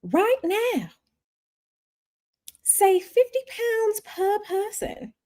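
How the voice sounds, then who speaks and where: A woman imitating a chirpy, upbeat female holiday ad announcer with a bright, salesy delivery. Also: extremely high pitch, very animated, drawn-out words, pitched above the performer's own voice, heavily acted. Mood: salesy cheer.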